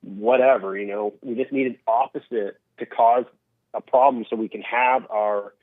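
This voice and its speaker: Over a tinny phone line, a male caller rambles casually on a call-in show, doing voices for the characters in his stories. His medium-pitched voice stays steady at a normal speed, with no echo.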